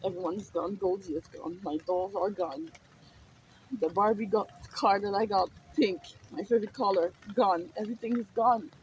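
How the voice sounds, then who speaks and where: A woman's voice: mid-range voice, moderate pace, slight background noise, poor audio. A woman telling a personal story in a raw, emotional, profane way.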